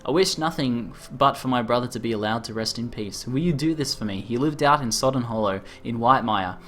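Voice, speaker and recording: Brief: anxious young sister, read by a male streamer, earnest and subdued, mid-pitched. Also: a little fast, a bit bright, slight background noise, natural voice. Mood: worried pleading. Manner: earnest, subdued attempt at a female voice. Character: worried young woman searching for her lost brother. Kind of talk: reading game dialogue aloud in voices.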